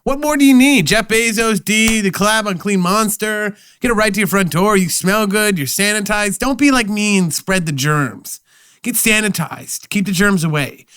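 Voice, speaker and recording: Man giving a smooth, loose ad read. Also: sits high, moderate pace, a bit bright, no echo, studio quality. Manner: loose, jokey ad delivery with playful asides. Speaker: podcast co-host reading ads. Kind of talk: casual podcast ad read.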